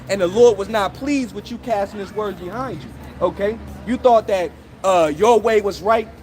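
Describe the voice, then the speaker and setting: A man's voice: sits high, slight background noise. A man street preaching outdoors in a scolding, confrontational way, tagging almost every phrase with "all right?" or "okay?". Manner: scolding, accusing listeners directly.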